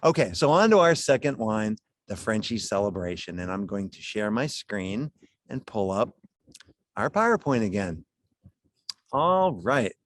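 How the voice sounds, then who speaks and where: A man's voice: fairly low pitch, very animated, unhurried, no echo. Chatty man presenting wines on a video call. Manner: chatty, folksy, chuckles while he talks. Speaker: wine presenter at a charity gala.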